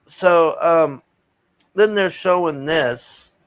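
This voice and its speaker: A man's voice: a little high, extremely slow, a bit bright, clean tone, no room sound, rough recording. A man giving a casual, rambling movie review, blunt and profane, with lots of fillers and restarts. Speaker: vlogger reviewing a film.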